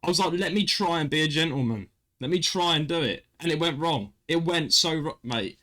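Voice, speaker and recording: A young man chats as a podcast host. He tells stories in a lively way, his pitch rising and falling a lot. He keeps stopping and starting his sentences. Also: brisk. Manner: animated storyteller, self-interrupting with restarts. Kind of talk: casual chat.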